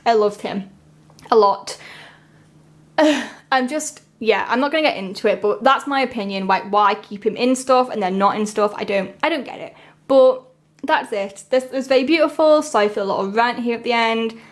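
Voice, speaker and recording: A woman's voice: fairly high pitch, moderate pace. A woman chatting her way through an unboxing video, rambling and emotional as she reacts to each item. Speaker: vlogger. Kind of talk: casual unboxing commentary.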